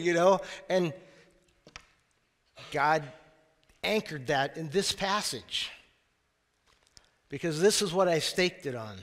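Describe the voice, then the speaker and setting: High-voiced pastor preaching in a church. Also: male voice, lively intonation, unhurried, pauses often, bright, forceful tone. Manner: conversational preaching with asides. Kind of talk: sermon. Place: church sanctuary. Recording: long church reverb.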